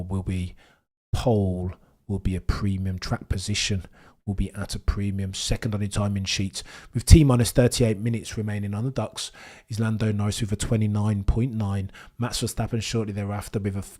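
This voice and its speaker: A man hosting a live racing watchalong, talking in a verbose, animated way with mock commentator flourishes while reading chat. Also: lowish voice, moderate pace. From Britain. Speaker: F1 livestream host.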